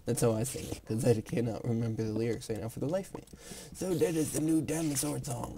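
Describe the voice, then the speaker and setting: A young man giving casual let's play commentary while gaming, excitable, swearing and gasping. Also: medium pitch, fast, vocal fry, few pauses, background noise. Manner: excitable, swears, gasps and sings jokingly. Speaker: gamer.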